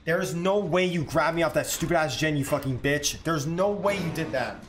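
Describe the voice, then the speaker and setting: A young man streaming a video game, swearing, shouting and laughing as he reacts to the match. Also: fairly high pitch, moderate pace. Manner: profane, excitable, yells and laughs at the game. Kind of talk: live gameplay commentary.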